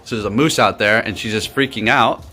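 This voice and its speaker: A man's voice: brisk, bright, forceful tone, faint music behind. A man filming a moose from his home in a casual vlog, chatting and sometimes talking to his dog. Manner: chatty, talks to his dog in a high playful voice. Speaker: vlogger.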